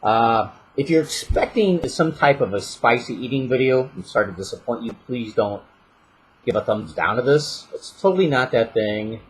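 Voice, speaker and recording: A man from the St. Louis area with a light Midwestern accent, chatting casually and reading a word list in a relaxed, self-deprecating way. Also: mid-range voice, normal speed, a little hiss or hum, low-quality recording. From St. Louis area, Missouri. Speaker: vlogger and voiceover artist.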